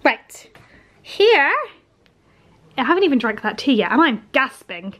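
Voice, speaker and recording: A woman in her thirties chats casually to the camera, walking viewers through her day in her kitchen. Her voice sits high and bright. She speaks warmly and easily, like a relaxed home vlog. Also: unhurried. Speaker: vlogger. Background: household appliances humming.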